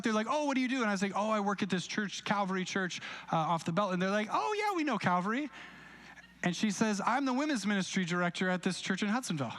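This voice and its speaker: A young male pastor delivers a sermon live in a church with a fairly high voice. He talks in a relaxed, conversational way, slipping into quoted voices as he tells stories from his own life. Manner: conversational storytelling with acted-out quotes. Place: church sanctuary, recorded live.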